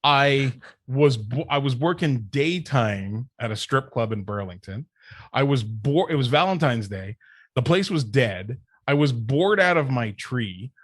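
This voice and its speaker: A man of ordinary pitch talks as a guest on a podcast, recounting his past in an easy, casual way. He gets animated and laughs often while telling it. The sound is close and dry with no room around it. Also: measured pace, no echo. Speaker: podcast guest, wrestling manager. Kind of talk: casual storytelling chat.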